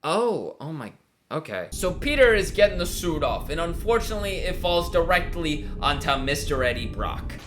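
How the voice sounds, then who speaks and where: A man giving a comedic movie recap, animated and joking, acting out the characters' lines. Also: fairly high pitch, normal speed, noisy background. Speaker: film commentary YouTuber.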